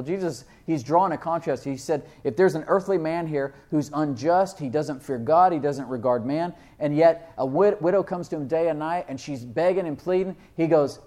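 A man preaching a sermon, reading scripture slowly and asking his listeners questions, with loud emphatic peaks and frequent laughs. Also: a little high. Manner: reads King James verses slowly and deliberately; asks the congregation questions and laughs often.

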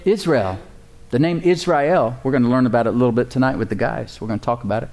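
A man's voice: medium pitch, lively intonation, very fast, a little mellow. Male pastor, sermon delivery, call-and-response, chuckling.

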